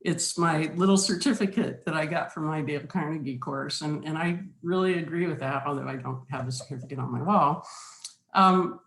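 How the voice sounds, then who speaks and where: A woman giving a slide presentation, speaking in a measured, instructive way with deliberate pauses. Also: sits low. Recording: roomy echo.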